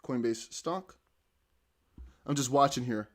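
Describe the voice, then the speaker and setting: A man's voice: mid-range voice, slow. A man with a light Dutch accent who hosts a crypto live stream. He chats casually, reads viewer comments aloud, and often trails off with "I don't know.". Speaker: crypto livestream host.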